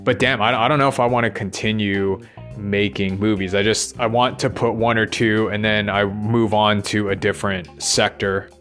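Low-voiced man rambling to himself. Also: steady tone, normal speed, fairly bright tone, soft background music. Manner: restless, swearing, self-questioning. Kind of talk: rambling personal monologue.

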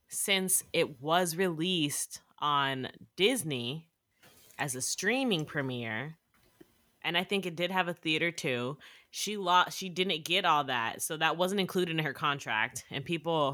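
A young woman with a naturally low voice in casual chat, animated and quick to laugh, her voice jumping up when she gets excited.

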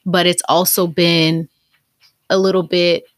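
A woman's voice: on the low side, little pitch movement, no echo. Reflective young woman, dry close sound. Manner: reflective and soft-spoken, pauses to think, gentle laughs. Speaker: podcast co-host. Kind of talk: casual chat.

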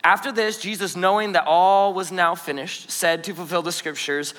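A man in his thirties preaching an energetic, conversational sermon, lively and joking with playful asides as he tells stories. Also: high-pitched, normal speed. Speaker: pastor. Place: church auditorium. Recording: long hall reverb in a church.

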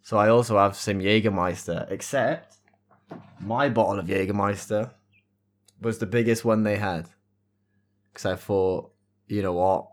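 A man with a slightly low voice, joining in on a relaxed podcast chat. He drops quick jokes and wry asides between his co-hosts' stories. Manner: quick-witted, laughing asides. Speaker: podcast co-host. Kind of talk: casual chat.

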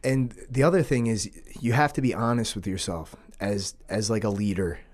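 A man who runs a jiu-jitsu school, hosting a casual podcast chat in an animated, loose way. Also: on the low side, normal speed. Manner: animated, frequent 'dude' and 'like'.

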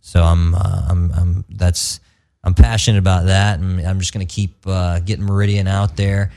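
A man's voice: low voice, level tone, normal speed, gravelly, warm tone. A man as a filmmaker guest on a casual podcast interview, talking hesitantly with many fillers and restarts.

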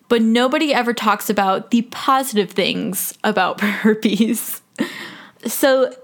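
A woman in her twenties hosting a solo podcast, talking frankly and casually, joking and laughing often. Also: mid-range voice. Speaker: podcast host.

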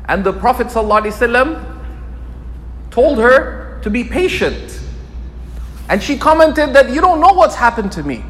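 A man teaching a religious lecture, expressive and repeating key phrases for emphasis. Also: very high-pitched, moderate pace, pauses often, big-room sound, slight background noise. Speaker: Islamic scholar teaching. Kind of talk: lecture sermon.

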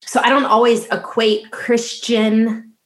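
A woman from the American South co-hosting a podcast, talking in a casual, animated way and laughing often. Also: on the high side, echoey room. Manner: animated, laughs often, quick back-and-forth. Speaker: podcast co-host. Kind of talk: casual chat.

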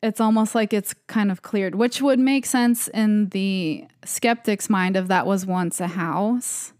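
A woman's voice: mid-range voice, a little slow, a little mellow, dry recording, clean studio sound. A young woman co-hosting a podcast, casually retelling creepy stories with lots of "like" fillers. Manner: rambling with frequent "like" fillers. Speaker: podcast co-host. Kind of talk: casual storytelling chat.

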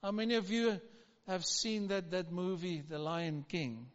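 High-voiced preacher in a reverberant hall. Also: male voice, measured pace. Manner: emphatic call-and-response preaching. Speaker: pastor. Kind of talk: sermon. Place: church hall. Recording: dull recording with long hall reverb.

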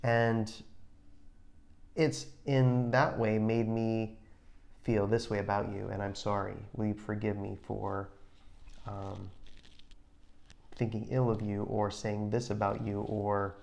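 Gravelly middle-aged man giving earnest advice. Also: lowish voice, flat delivery, darkish tone. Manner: earnest, advising, halting with restarts. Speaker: podcast co-host. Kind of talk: casual chat.

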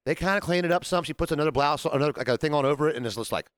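A man's voice: a little high, racing, dry recording, clean studio sound. A man hosting a podcast, telling work stories in casual chat and acting out quoted lines. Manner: animated storyteller, acts out quotes. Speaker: podcast host.

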